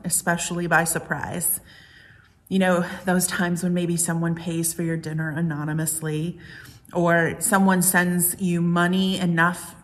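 Reflective woman pastor, low voice. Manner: gentle, reflective, asks many questions. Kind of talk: sermon.

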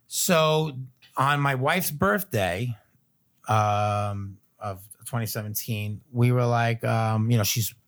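Thirties guy, mid-pitched, podcast guest spinning a loose anecdote with lots of "like" and quick laughs. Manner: animated storyteller, chuckling between phrases; loose filler-heavy phrasing. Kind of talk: casual storytelling chat.

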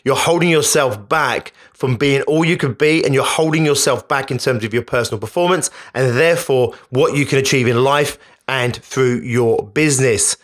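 A man's voice: medium pitch, moderate pace, few pauses. A man hosting a podcast, speaking in an emphatic, conversational motivational monologue that often repeats itself. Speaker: podcast host.

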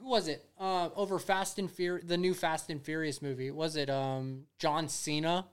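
A man's voice: a little high, fairly even intonation, moderate pace, smooth. Swearing man ranting on a podcast. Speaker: podcast co-host. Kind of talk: casual podcast chat. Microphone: streamed podcast mic.

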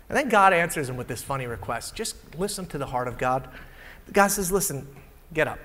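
A man preaching a sermon as a pastor, swinging dramatically between loud and hushed delivery. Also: a little high, expressive, brisk. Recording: long hall reverb.

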